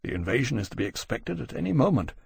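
A man reading a weary, duty-bound male officer in a low, flat, formal voice for an audiobook. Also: fast, vocal fry, slightly rough, no room sound, full character voice. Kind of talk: audiobook character voice.

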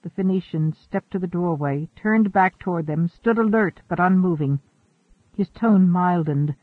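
A man narrating an audiobook with a steady, expressive reading. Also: sits high, a little slow, no echo. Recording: narrow, phone-like, dry sound.

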